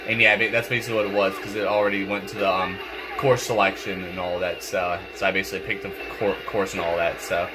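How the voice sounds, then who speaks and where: A young man with a congested, stuffy voice talks through his gameplay in a loose, rambling way, doubling back on his words. His voice sits a little on the low side. Game music plays clearly underneath him. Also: little pitch movement, quick pace. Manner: rambling, repeats words, many fillers. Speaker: gaming channel host. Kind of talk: casual gameplay commentary. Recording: game music playing behind.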